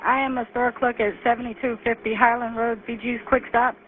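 A woman store clerk calling an emergency line after a robbery, speaking in a shaken, hesitant, halting way. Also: a little high, flat delivery. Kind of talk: emergency phone call. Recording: tinny phone line with faint hiss.

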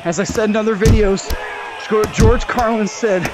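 A man ranting profanely and angrily while boxing in a VR game, out of breath from the workout, with shouted outbursts. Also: sits high, moderate pace, loud music behind the voice, over a noisy crowd. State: out of breath from exercise. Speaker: VR fitness vlogger. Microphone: VR headset mic.

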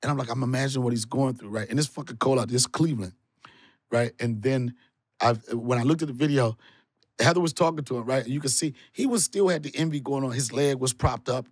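A man hosting a podcast in a studio, talking in a casual comic way. His voice is husky, and it sounds dry and close to the mic. He swears freely and jumps his pitch way up for punchlines. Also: quick pace, a little mellow, no echo. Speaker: comedian podcast host. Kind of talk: casual comedic chat.

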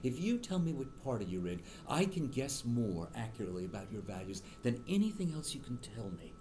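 A man's voice: medium pitch, sing-song, fairly quick, warm tone, slight background noise. A middle-aged man, a political science professor, giving a university lecture and telling stories with many ums and restarts.

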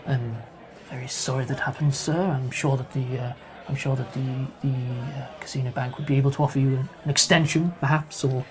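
A man voicing a polite, nervous male casino croupier who talks softly and apologetically. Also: mid-range voice, steady tone, fairly quick, over music, voice pushed down, lightly acted. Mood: apologetic.

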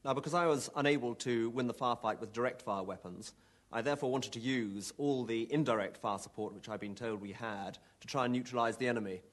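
In a documentary interview, a former company commander with a medium-pitched voice recounts a battle in a measured, understated way with a dry touch.

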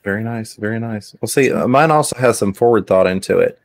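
A man's voice: on the low side, a little fast, vocal fry, no room sound. A middle-aged man hosting a casual chat, easygoing and rambling, often restarting his sentences. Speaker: host.

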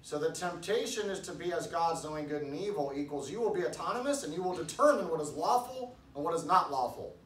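A man preaching a casual sermon in a church, rambling with restarts and loud emphatic bursts. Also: fairly high pitch, animated, quick pace, few pauses. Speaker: pastor. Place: church hall. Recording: echoey room, distant mic, faint background noise.

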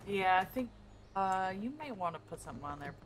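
A woman gamer in casual voice chat, excitable and joking as she plays. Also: mid-range voice, fairly quick, very noisy.

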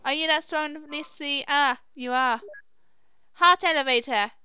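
Very high-pitched excitable young woman gamer. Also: unhurried, dry recording. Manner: excitable, squealing and laughing at the game. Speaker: gaming channel host. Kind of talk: let's play commentary. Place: home room at her dad's house.

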